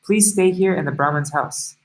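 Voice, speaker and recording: A man's voice: high-pitched, normal speed, natural voice, rough recording. A man reading the lines of a brave young warrior prince, earnest and decisive, worried for his brother.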